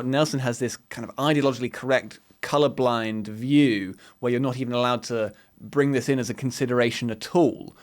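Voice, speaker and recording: Male podcast host with a mid-range voice; relaxed, reflective interviewer framing questions. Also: mid-range voice. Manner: conversational, thoughtful, uses fillers like "you know" and "um".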